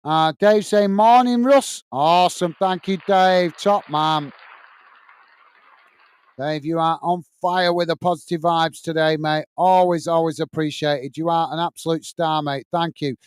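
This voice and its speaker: English bloke doing a football watchalong, higher voice, smooth and dry, keeps thanking chat. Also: male voice, fairly even intonation, unhurried, no room sound. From England. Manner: chatty, thanks viewers by name, calls them mate. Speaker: football watch-along host. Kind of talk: live match commentary and chat reading.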